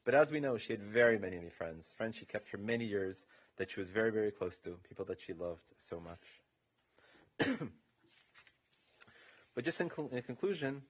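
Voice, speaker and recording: A man's voice: on the low side, lively intonation, normal speed, long pauses. A man serving as rabbi, giving an informal, meandering funeral eulogy in a funeral home chapel, leaning heavily on "you know".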